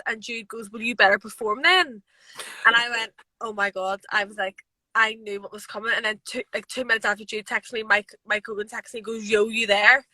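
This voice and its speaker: A woman MMA fighter being interviewed, telling stories in a chatty, animated way with lots of fillers. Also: a little high, no room sound, poor audio. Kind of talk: casual interview chat. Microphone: live video stream.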